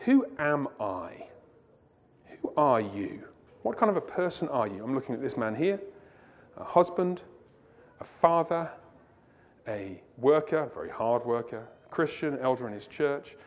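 A man's voice: mid-range voice, long reverb tail. Man lecturing a church audience. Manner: conversational, asks the audience rhetorical questions, digresses. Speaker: Christian conference speaker. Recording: muffled lo-fi recording.

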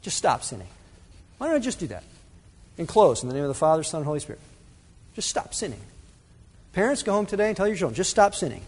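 A male pastor preaching a sermon to his congregation, dramatic, swinging between loud emphasis and hushed asides. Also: sits high, big pitch swings, quick pace, pauses often. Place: church sanctuary. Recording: reverberant church hall.

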